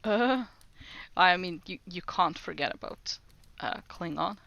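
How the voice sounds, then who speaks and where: Woman, streamer, slow unhurried talk, casual livestream chat, giggly, repeats phrases. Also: fairly low pitch, animated, vocal fry, fairly bright tone, dry recording, dull audio. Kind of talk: casual livestream chat while practicing French.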